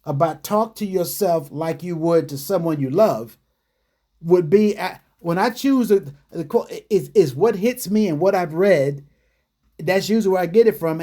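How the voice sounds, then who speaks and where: Animated storytelling male radio host. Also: a little high, unhurried. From New York City. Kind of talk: casual radio talk.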